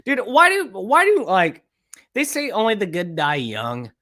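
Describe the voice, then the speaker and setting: A man's voice: high voice, measured pace. A man hosting a podcast who rants in a casual, profane way while reacting to a clip. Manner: ranting, profane, animated. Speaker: podcast host.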